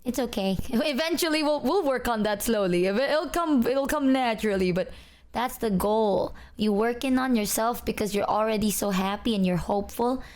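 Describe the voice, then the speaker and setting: A young woman streamer in casual chat, talking in a relaxed, low-energy voice. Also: moderate pace.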